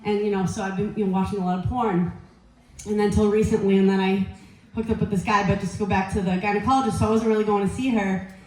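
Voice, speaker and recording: A woman's voice: mid-range voice, level tone, quick pace, darkish tone. A woman doing a stand-up set, rambling and crude, losing her place and laughing at herself. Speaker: stand-up comedian. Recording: very echoey room.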